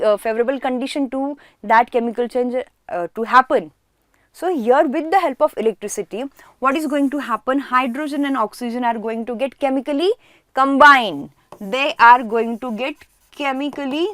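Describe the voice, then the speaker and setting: A woman's voice: high-pitched, a bit bright, no echo, studio quality. A woman teaching a chemistry class online, who asks questions and answers them herself and repeats key words for emphasis.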